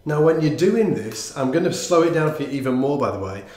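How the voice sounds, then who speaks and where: Guy teaching bass, laid back and rambly, lots of ums, roomy echo. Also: fairly quick, music in the background. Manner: relaxed, rambling, many fillers and restarts. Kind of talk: casual online music lesson. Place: room with instruments, bass played along.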